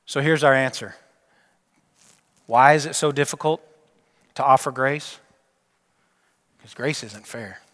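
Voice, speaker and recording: A man preaching a sermon, telling a story and asking his listeners questions, often dropping to a hushed voice to close a point. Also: medium pitch, measured pace, pauses often. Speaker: pastor. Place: church sanctuary. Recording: long church hall reverb.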